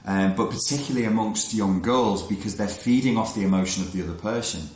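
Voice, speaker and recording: A man's voice: lowish voice, fairly quick, few pauses, darkish tone. A man talking in a frank, casual monologue, blunt and prone to restarting his sentences, who says he works with adolescents. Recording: echoey room.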